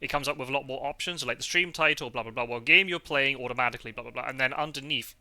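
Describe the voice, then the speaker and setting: A man's voice: mid-range voice, quick pace, pushed and bright, no echo. A man with a Scottish accent hosting a casual chat, rambling with lots of fillers and self-corrections. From Scotland. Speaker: podcast host.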